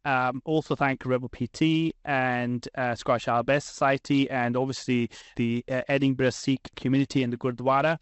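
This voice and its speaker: A man's voice: mid-range voice, level tone, normal speed, hardly any pauses, clean tone, dry recording. A man hosting a podcast in casual conversation, talking earnestly with frequent restarts. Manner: earnest, many fillers and restarts. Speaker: podcast host.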